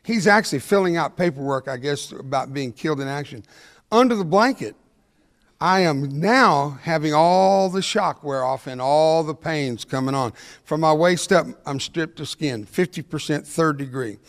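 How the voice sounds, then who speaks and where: An older man, giving a motivational speech that mixes jokes with storytelling and talks fast. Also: fairly high pitch, big-room sound. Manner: energetic, joking, fast-talking. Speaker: motivational speaker. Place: large hall before an audience.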